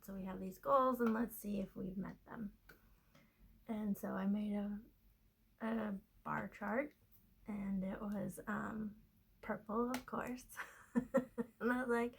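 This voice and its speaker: A woman's voice: medium pitch, steady tone, unhurried, creaky, slightly rough, low-quality recording. A woman from Kentucky chatting casually on her knitting show, rambling with fillers and laughing as she talks. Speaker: knitting podcaster. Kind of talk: casual chat.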